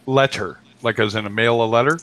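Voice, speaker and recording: Background noise sits under this man's mid-range voice as he hosts a live stream at normal speed. It's casual chat on a home computer mic, full of jokes and free swearing in a loose style.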